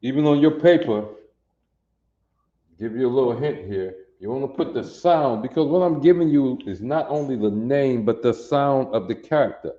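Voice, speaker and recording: A man teaching a language class, sounding out letters and repeating them slowly for students to copy. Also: mid-range voice, warm tone. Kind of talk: classroom lesson, drilling sounds. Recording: roomy, dull lo-fi recording.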